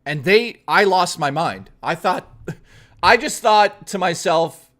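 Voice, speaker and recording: A man's voice: high-pitched, animated, slow pace, fairly bright tone. A male streamer telling a story to his live chat in a blunt, profane, chatty way, speaking straight to his viewers.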